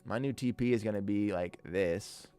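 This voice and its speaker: A young man live-streaming his day trading, excitable and swearing often as he talks to his chat. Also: fairly low pitch, normal speed, clean tone. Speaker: livestreaming day trader. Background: faint music.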